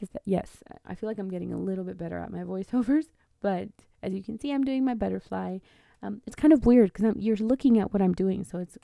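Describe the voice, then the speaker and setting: A woman's voice: mid-range voice, gravelly, mellow, no echo, studio quality. A young woman giving a casual, chatty voice-over, with many fillers and restarts. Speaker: bullet journal vlogger.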